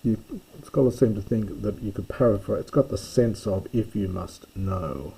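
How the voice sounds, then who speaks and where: A man giving a careful, explanatory close reading of a Greek play as a lecturer, pausing to correct himself. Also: on the low side, vocal fry, dark tone, slightly rough, low-quality recording. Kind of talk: slow scholarly close reading.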